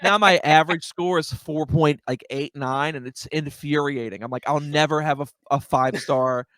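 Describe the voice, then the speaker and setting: A young adult man, a stand-up comedian, telling a story as a podcast guest in an animated, filler-heavy way, often saying "like" and "dude". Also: fairly high pitch, normal speed, dry recording. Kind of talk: casual storytelling chat.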